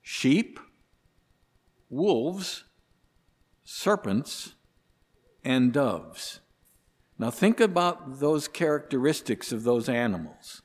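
Slow-preaching man in a reverberant hall. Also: mid-range voice, sing-song. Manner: slow, deliberate preaching with emphatic rises on key words. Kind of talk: sermon. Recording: long reverb of a large hall.

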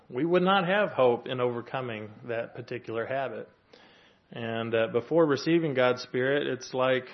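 Guy preaching in an everyday mid voice, earnest and a bit halting, muffled lo-fi audio. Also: mid-range voice. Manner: earnest, plain-spoken, with many fillers and restarts. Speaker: lay preacher soon to be a pastor. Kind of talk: conversational sermon. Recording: dull lo-fi recording.

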